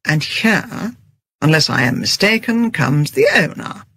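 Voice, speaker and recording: A narrator voicing a mild, measured gentleman with dry humour. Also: a little high, big pitch swings, husky, heavily acted. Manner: mild, measured, stiffly polite.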